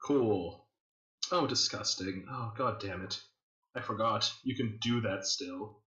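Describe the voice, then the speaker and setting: A man's voice: fairly low pitch, slow pace, pushed and bright. A man narrating a tabletop game as game master, casual and full of fillers. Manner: casual, filler-heavy storytelling. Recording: echoey room.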